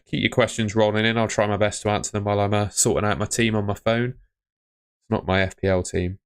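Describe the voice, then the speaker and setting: A man's voice: fairly low pitch, a little fast, dry recording, studio quality. A young man hosting a live stream, chatting casually and muttering to himself as he sorts things out on his phone. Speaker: livestream host.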